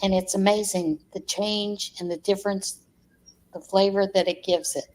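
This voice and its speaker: A woman co-hosting a casual live stream, explaining practical advice in an easy, conversational way. Her voice sits at an ordinary middle pitch. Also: steady tone, moderate pace, darkish tone. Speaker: co-host.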